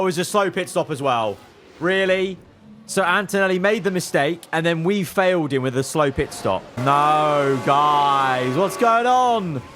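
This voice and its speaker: Young man, excitable gameplay commentary, slightly high voice, mutters then yells, talks to his drivers. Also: a little hiss or hum. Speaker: gaming video creator.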